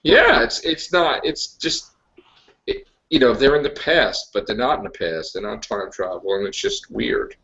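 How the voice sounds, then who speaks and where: A man's voice: mid-range voice, wildly swooping pitch, normal speed, sharp tone. A man hosting a casual podcast, reading news aloud and wandering off into rambling asides. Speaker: podcast host. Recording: dull lo-fi podcast audio.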